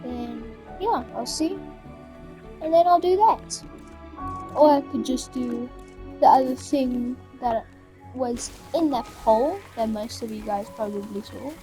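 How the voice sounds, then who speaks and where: Woman playing a video game, slow chatty commentary, self-mocking asides, faint music behind. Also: a little high, warm tone. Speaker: gamer. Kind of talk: let's play commentary.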